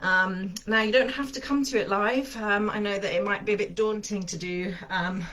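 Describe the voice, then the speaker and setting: A woman leads a casual massage lesson, talking through each move with chatty enthusiasm. She sounds slightly out of breath, her voice sitting at an ordinary middle pitch. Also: fairly even intonation, normal speed, fairly bright tone. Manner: chatty, enthusiastic, thinking aloud with fillers. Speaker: massage and yoga teacher.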